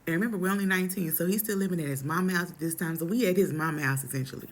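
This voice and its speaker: A young adult woman telling a personal story in a casual, animated, dramatic way, full of slang. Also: on the low side, racing.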